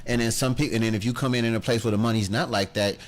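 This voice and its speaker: A man co-hosting a podcast, casual and curious, keeps asking his partner questions in relaxed chat. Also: mid-range voice, fast. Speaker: podcast co-host, barber.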